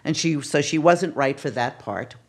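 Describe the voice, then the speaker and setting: A woman's voice: low voice, moderate pace. An older woman, a casting director, telling stories in a podcast interview and acting out the exclamations she quotes. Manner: animated, acts out quoted exclamations.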